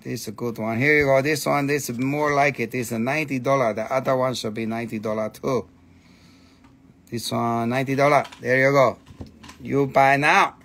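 A tired man hosting a late-night live crystal sale, joking and swearing in loose, non-native English as he pitches each piece. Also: moderate pace. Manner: playful, joking and profane, with non-native phrasing; animated, jumps between teasing and pitching. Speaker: crystal seller hosting a live sales stream. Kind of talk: casual live sales chatter.

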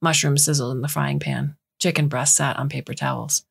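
Woman, audiobook narrator, scripted narration, measured, low-pitched. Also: fairly even intonation, creaky, breathy edge. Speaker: audiobook reader.

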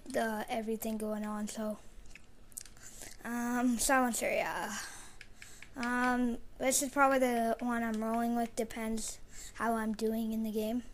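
A woman giving live commentary while playing a shooter game, mostly muttering low with sudden loud outbursts. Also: a little hiss or hum. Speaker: gamer streaming live play.

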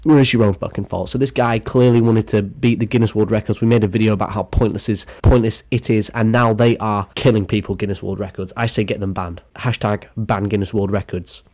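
A man's voice: on the low side, steady tone, fairly quick, few pauses, darkish tone. A man doing a crude, sarcastic comedic reaction commentary as a YouTuber.

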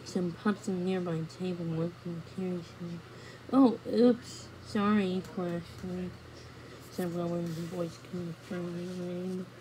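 A woman reading a children's chapter book aloud, gently and with small stumbles. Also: on the low side, monotone, a little slow, slight background noise, poor audio. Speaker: read-along storyteller.

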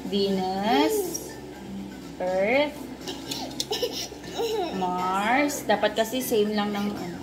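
Vlogging at home, a young Filipino mother soothes and coaxes her child while chatting in a mix of Tagalog and English. Her mid-range voice has lively intonation but moves very slowly, with long pauses, and background music plays over her speech.

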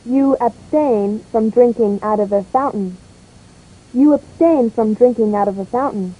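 A woman's voice: on the high side, a little slow, phone-quality sound. A woman reading lines in a scripted English pronunciation drill, saying each word and sentence twice. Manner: clear, repeats each word and line twice.

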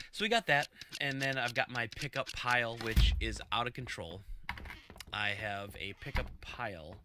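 Rambling man hosting a podcast over loud clicks. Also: mid-range voice. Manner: rambling, filler-heavy, chuckling asides. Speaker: podcast host. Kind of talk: casual live-stream podcast chat. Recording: loud clicking noise behind the voice.

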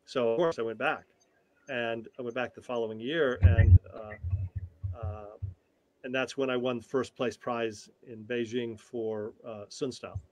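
Man in his sixties, interview guest, halting storytelling, mid pitch, dry. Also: no room sound. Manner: animated, halting, with frequent restarts. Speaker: tai chi teacher, interview guest.

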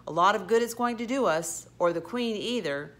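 A woman voicing a timid, easily panicked young male mouse who sounds shrill and whiny. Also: animated, normal speed, a bit bright, close to an everyday voice. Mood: gloomy.

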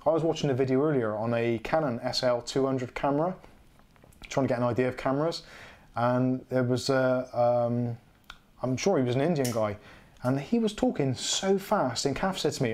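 A man's voice: medium pitch, a little mellow. Rambling West Country Englishman on a livestream. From England. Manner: rambling, self-correcting, chatty. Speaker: livestream host. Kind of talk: casual livestream chat.

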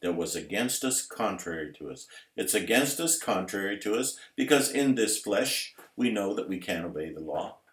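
A man preaching a sermon emphatically, building to loud, intense passages. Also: on the low side, expressive, normal speed, hardly any pauses. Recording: roomy echo.

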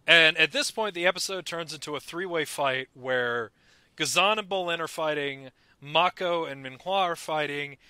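A young man with a very bright, fairly high voice talks eagerly in a casual podcast chat, and he gets animated as he recaps the scenes. The sound is close and dry, with no room in it. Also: normal speed, clean tone, no echo. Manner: enthusiastic, animated fan talk. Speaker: podcast co-host.

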